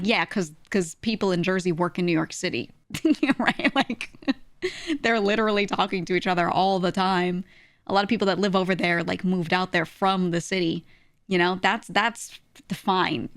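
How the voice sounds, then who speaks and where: A woman's voice: medium pitch, no echo, clean studio sound. A woman streaming casually, rambling sarcastically with laughing asides as she reacts to her chat.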